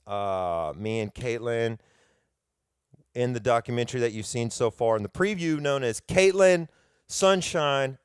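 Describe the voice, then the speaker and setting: A middle-aged Southern US man hosts a podcast, rambling along in a chatty, self-deprecating way. His voice is smooth and resonant, at a moderate pitch for a man, and the recording is close and dry with no room sound. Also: measured pace, no echo. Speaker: podcast host. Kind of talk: casual podcast monologue.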